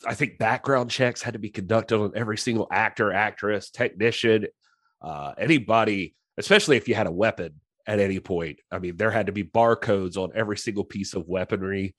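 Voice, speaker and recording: A man's voice: fairly low pitch, brisk, a bit bright, no echo, studio quality. A man co-hosting a podcast, speaking casually with laid-back, teasing banter. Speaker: podcast co-host.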